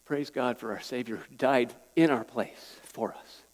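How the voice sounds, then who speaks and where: Earnest pastor preaching in echoing hall. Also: male voice, medium pitch, measured pace. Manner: earnest, pleading, repeats words at restarts. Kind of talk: sermon. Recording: echoey hall with long reverb.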